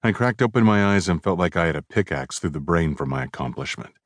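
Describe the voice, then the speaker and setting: A man's voice: low-pitched, expressive, fast, dry recording. A man narrating a novel in the first person with a dry, sardonic manner. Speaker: audiobook narrator.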